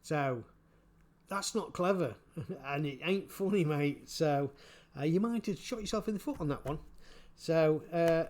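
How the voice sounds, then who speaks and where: A man giving casual spoken commentary, halting and repeating his words, chuckling often. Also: a little high, animated, a little mellow. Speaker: vlogger.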